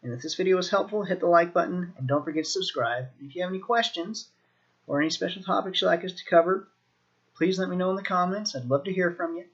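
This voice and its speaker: A fairly high-voiced American man leads a video language lesson, relaxed and patient, saying each new word several times slowly. The recording sounds dull and lo-fi, as if from a home desk setup. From United States. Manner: relaxed, repeats words slowly for learners. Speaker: language teacher.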